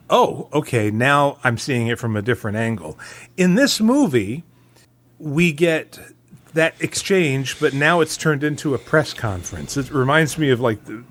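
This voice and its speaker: A man's voice: medium pitch, lively intonation, normal speed, a bit bright. Rambling man thinking aloud on a podcast. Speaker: podcast co-host. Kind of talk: casual podcast discussion.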